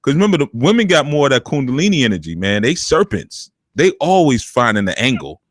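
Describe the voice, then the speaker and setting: A man's voice: mid-range voice, sing-song, fairly quick, no room sound. Streetwise guy hosting call-in advice radio, preachy, casual slang, dry close mic. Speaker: radio show host and spiritual teacher.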